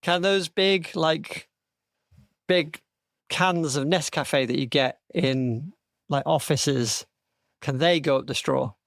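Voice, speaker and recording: A man and podcast co-host, reading a comic story with dry, deadpan delivery. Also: fairly high pitch, takes it slowly, gravelly, dry recording.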